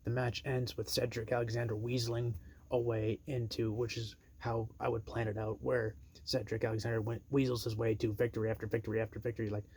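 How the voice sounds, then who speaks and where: Man, gravelly, casual storytelling, rambling, faint background noise. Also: mid-range voice, level tone, fairly quick, darkish tone. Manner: rambling, acts out quotes in a raised voice.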